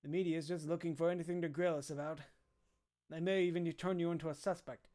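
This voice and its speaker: A man's voice: a little high, fairly even intonation, fast, warm tone, lightly acted. A man reading a stern middle-aged police captain's lines aloud while playing a game, giving orders in a firm, bossy way.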